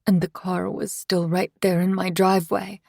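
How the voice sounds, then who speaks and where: A woman's voice: on the low side, flat delivery, moderate pace, gravelly, a little mellow, no echo, studio quality. A woman voicing an anxious, polite woman neighbor who talks in fretful, apologetic bursts.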